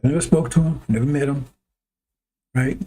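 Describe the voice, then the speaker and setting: Male preacher, rambling and animated, husky and mellow. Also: mid-range voice, fairly quick. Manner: animated, acts out arguments with God in a raised voice. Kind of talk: rambling sermon.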